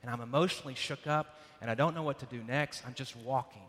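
A man preaching a sermon, telling a dramatic personal story with loud bursts and hushed passages. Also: medium pitch, fast talker. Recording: long hall reverb.

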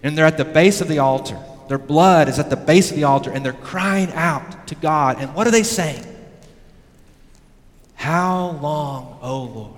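A male pastor preaching a sermon emphatically, his voice swinging from loud peaks down to low, quiet lines. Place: church sanctuary. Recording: long reverb of a church hall.

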